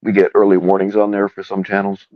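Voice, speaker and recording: A man's voice: on the low side, completely flat delivery, quick pace, no echo, muffled recording. A man hosting a casual livestream chat, laid-back and joking, swearing casually. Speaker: channel host.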